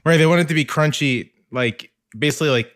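A man talking as a podcast guest in casual chat, halting and full of filler words. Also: fairly high pitch, a bit bright. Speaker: podcast guest, newspaper columnist.

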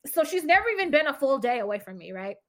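A woman's voice: high voice, big pitch swings, fast, a bit bright. A woman, podcast co-host, tells a personal story in casual chat, candid and profane.

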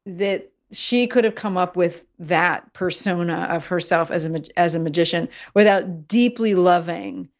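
A woman guest in an interview, talking in an animated way, often restarting her sentences and using fillers like "like" and "you know". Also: on the low side, a little slow, few pauses. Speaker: guest, messaging consultant. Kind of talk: conversational interview.

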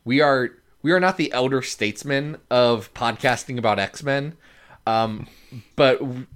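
Animated male podcast co-host. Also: medium pitch, unhurried, clear, resonant tone. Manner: animated, lots of laughs and restarts. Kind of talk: casual chat.

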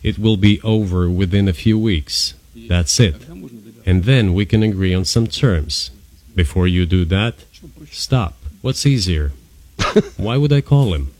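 A man voicing an interview translation with an even, measured cadence and dry sarcasm. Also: low-pitched.

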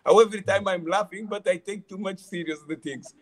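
A middle-aged former footballer who speaks halting non-native English, repeating words and laughing often as he tells stories in a casual interview. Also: high-pitched. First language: not English.

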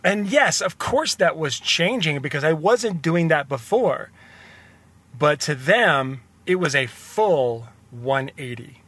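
A man's voice: on the high side, lively intonation, takes it slowly, fairly bright tone, dry recording. A young man hosting a podcast, talking in an earnest, rambling, confessional motivational monologue. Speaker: podcast host.

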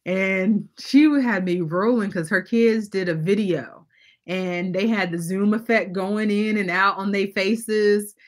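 Animated woman telling funny family stories. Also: medium pitch, a little slow. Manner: animated, acts out quotes from kids. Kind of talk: casual storytelling chat.

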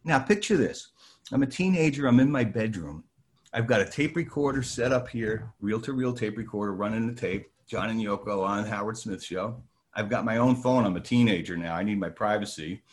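An older man from New Jersey telling a lively anecdote, acting out the voices of the people in it. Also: fairly low pitch, brisk, husky. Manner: lively, acts out voices in his story. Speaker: storyteller guest.

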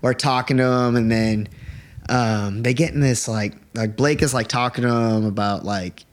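A man's voice: mid-range voice, fairly even intonation, moderate pace. A man chatting casually as a podcast guest, rambling through a story and leaning on 'like' constantly. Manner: rambling, heavy use of 'like'. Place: living room.

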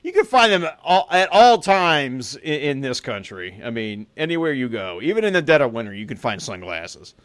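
A man's voice: medium pitch, very animated, moderate pace, few pauses, dry recording. A man co-hosting a football podcast in casual chat, who restarts his sentences a lot, laughs often and teases his co-host. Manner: stammering restarts, laughs often, playful banter.

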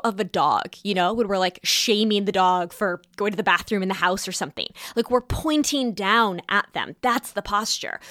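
A woman talking casually to her listeners about giving feedback, animated and laughing often as she acts out little quotes. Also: mid-range voice, no echo, clean studio sound. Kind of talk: casual advice talk.

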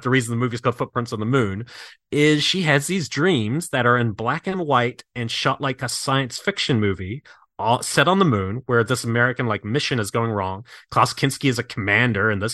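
Man with a bright, dry voice. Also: medium pitch, dry recording. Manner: enthusiastic, rambling storytelling. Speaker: podcast co-host. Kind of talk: casual film chat.

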